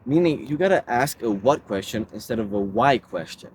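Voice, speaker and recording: A man's voice: mid-range voice, animated, normal speed, slight background noise. A man giving casual self-help advice in a laid-back way, calling the listener bro.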